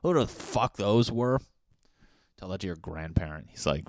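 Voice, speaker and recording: Low-voiced young man riffing crudely. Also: animated, no room sound, studio quality. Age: young adult. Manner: acts out characters in quick silly voices, swears a lot. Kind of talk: casual comedic riffing.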